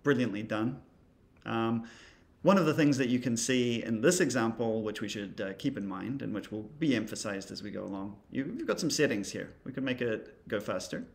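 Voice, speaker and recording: A man's voice: medium pitch, normal speed, vocal fry. A man teaching creative coding in a casual screen-recorded tutorial, thinking aloud as he demonstrates, with a wry, dry humor.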